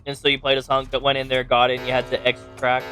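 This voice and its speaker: A man's voice: medium pitch, completely flat delivery, fast, pushed and bright, soft background music. A man co-hosting a let's play, chatting casually and explaining game lore at length. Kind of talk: casual gameplay chat.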